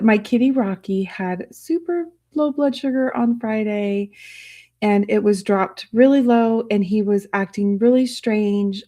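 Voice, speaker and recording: Soft-spoken rambling woman livestreamer. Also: on the high side. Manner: soft, rambling, emotional, with frequent fillers. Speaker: livestream host. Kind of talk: casual livestream chat.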